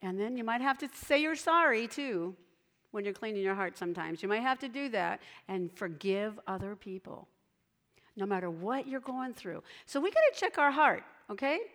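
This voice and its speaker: A woman leading a children's sermon, gently asking the children questions and talking to them directly. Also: mid-range voice, animated, normal speed. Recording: long hall reverb.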